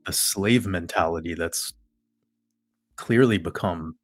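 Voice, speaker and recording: A man's voice: sits low, slow, dry recording, clean studio sound, soft background music. A man host ranting in profane, sarcastic casual talk to a live chat audience. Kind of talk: casual rant to a livestream chat.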